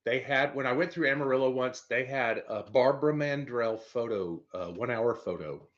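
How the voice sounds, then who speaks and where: A man's voice: mid-range voice, moderate pace. A man co-hosting a casual chat show with viewers, joking about himself with lots of stammered restarts. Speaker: co-host of a slots show. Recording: slightly dull lo-fi sound.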